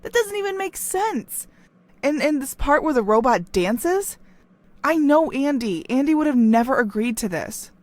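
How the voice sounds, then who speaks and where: A woman's voice: sits high, very animated, a little slow, no room sound. An actress playing a principled, protective young woman who protests in disbelief. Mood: indignant. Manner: incredulous, protesting. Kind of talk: audio drama acting.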